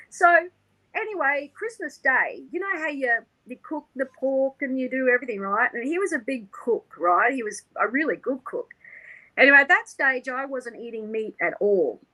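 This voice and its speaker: A woman, an interview guest, tells a personal story in an animated way, laughing often and acting out the people she quotes. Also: high voice, normal speed, low-quality recording.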